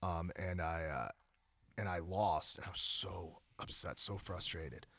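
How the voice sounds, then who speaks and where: A man with a deep, slightly bright voice talks at an unhurried pace as a guest on a podcast. He's a jiujitsu instructor, and in this casual conversation he comes across as earnest and open, frequently restarting sentences and using fillers.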